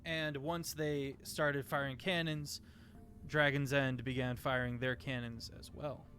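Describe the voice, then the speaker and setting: A man's voice: mid-range voice, level tone, a little slow, bright, forceful tone, soft background music. A man narrating as game master of a tabletop game, hesitant, with many fillers.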